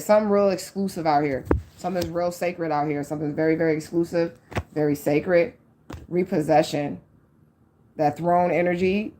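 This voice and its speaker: A woman's voice: sits low, a little mellow, a little hiss or hum. A woman giving a casual psychic tarot reading to her viewers. She speaks frankly and swears freely, fills her talk with "like" and "okay," and addresses the audience directly and earnestly. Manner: frank and profane, with many likes and okays.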